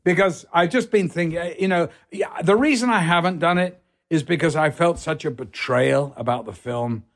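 Theatrical guy telling a bawdy story, voice a bit high, does all the voices, swears a lot. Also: normal speed. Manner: animated, acts out other people's voices. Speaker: guest. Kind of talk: anecdotal storytelling.

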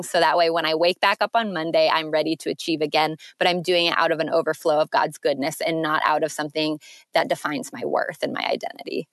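A woman guest in a casual interview, talking earnestly with lots of filler words and lively rises in pitch. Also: fast, no room sound, studio quality. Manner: earnest, animated, frequent "like" fillers. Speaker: podcast guest.

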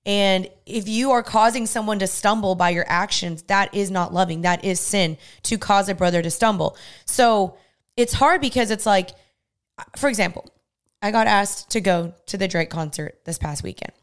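Young female podcast co-host, earnest, smooth resonant tone. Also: medium pitch, moderate pace. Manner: earnest, talks through her faith with quoted asides. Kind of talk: casual podcast chat.

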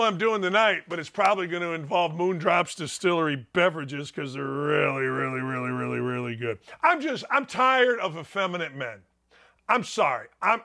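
An older man hosting a talk show in a high, bright voice. He rants bluntly and combatively, firing off opinions in a monologue. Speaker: sports talk show host.

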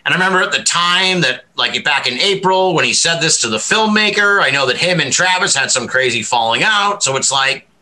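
A man with a very bright, keen voice that sits a little high, talking on a casual podcast. He rambles and restarts his sentences, swears freely and laughs often as he makes his point. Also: lively intonation, brisk, hardly any pauses, poor audio.

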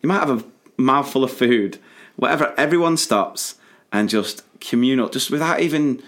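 Chatty British man, mid-pitched voice. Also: normal speed, a bit bright. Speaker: podcast co-host, teacher. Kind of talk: casual chat.

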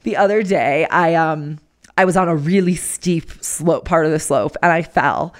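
A woman's voice: low voice, normal speed. A young woman hosting a podcast, telling stories in casual chat and laughing often. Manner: animated storyteller, laughs often. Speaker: podcast host.

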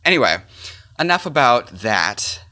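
A man hosting a podcast in a casual chat, with a playful, campy and animated way of talking. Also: medium pitch, unhurried. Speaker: podcast host.

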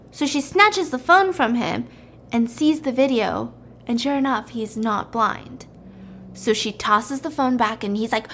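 A woman chattily retelling a film plot to a friend, animated and checking in with her listener. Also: high voice, normal speed.

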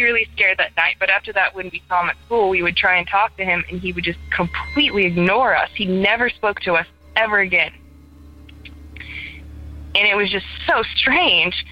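A woman's voice: mid-range voice, muffled recording. A young woman calling in to tell a ghost story in casual first person, chatty and full of "like," acting out the dialogue as she goes. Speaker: caller sharing a ghost story.

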